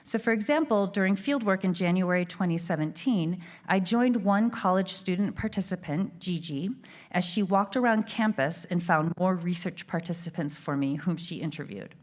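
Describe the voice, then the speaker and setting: A woman gives a keynote lecture in a fairly low voice. She reads from a prepared text in a measured, academic way, with the odd filler. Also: animated. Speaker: keynote speaker.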